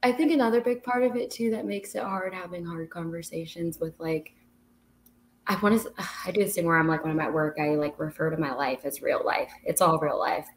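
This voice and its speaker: Low-pitched young woman, reflective chat. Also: steady tone, a little fast, slight background noise. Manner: reflective, talks things through with many fillers. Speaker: podcast co-host. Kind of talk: casual chat.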